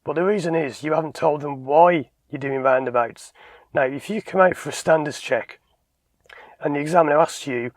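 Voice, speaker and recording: A man's voice: fairly high pitch, moderate pace, no echo. A man, a driving instructor giving a tips video, talking emphatically and acting out short bits of dialogue. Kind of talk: direct-to-camera instructional talk.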